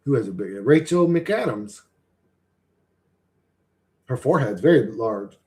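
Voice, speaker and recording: A man's voice: mid-range voice, lively intonation, unhurried, a little mellow. Rambling, cursing man chatting on stream. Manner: rambling, profane, chuckling often. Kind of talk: casual rambling live-stream chat.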